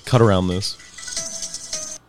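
A man's voice: low voice, fairly even intonation, drawn-out words, soft background music. A man co-hosting a podcast, sarcastic and swearing freely in casual chat. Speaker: podcast co-host.

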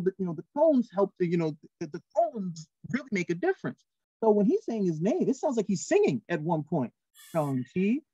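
A man co-hosting a casual film review show, talking in an animated, rambling way with lots of restarts. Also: high-pitched, no echo, lo-fi sound. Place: TV studio.

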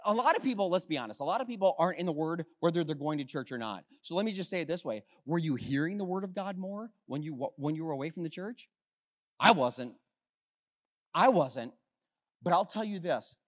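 A man preaching a sermon as pastor, talking conversationally with rhetorical questions and swinging between hushed and loud. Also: fairly high pitch, expressive, brisk.

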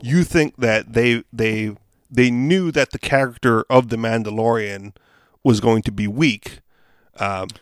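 A man's voice: medium pitch, a little slow, no room sound, clean studio sound. A man co-hosting a podcast in casual chat, asking questions and steering the talk. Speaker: podcast co-host.

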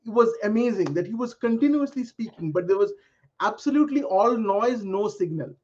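A middle-aged man, a podcast panel guest who talks in a measured, reflective way and lays out his points one by one. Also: high-pitched, lively intonation, darkish tone. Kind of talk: casual panel chat. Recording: dull lo-fi sound.

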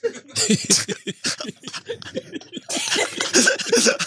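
A man's voice: extremely high pitch, big pitch swings, very slow, noisy background. A man from New York co-hosting a podcast, joking and riffing in casual banter. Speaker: podcast co-host.

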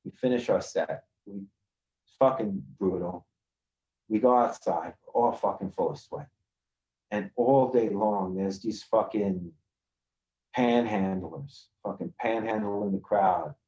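A man from Queens, a podcast guest telling rough street stories in a swaggering, profane way over a video call. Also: fairly low pitch, takes it slowly, dark tone, muffled recording. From Queens, New York. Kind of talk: casual storytelling.

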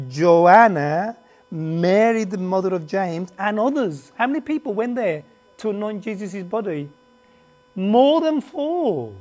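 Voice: mid-range voice, darkish tone. Conversational preacher quizzing a live class. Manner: questions the audience often and emphatically; conversational, with restarts and asides. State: slight cough. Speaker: preacher teaching a Bible class. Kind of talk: interactive Bible teaching to a live group. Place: standing before a group in a meeting room.

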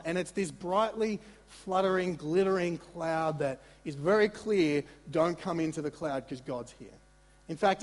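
A man preaching a sermon in a conversational, animated way, with asides and repeated words. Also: a little high, big-room sound. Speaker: pastor.

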